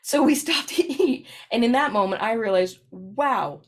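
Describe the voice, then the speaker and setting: A woman's voice: a little high, lively intonation, a little slow. A woman presenting a lesson to practitioners in a chatty, storytelling way, often checking in with "right?". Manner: chatty, storytelling, frequent "right?" tag questions. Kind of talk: recorded professional presentation.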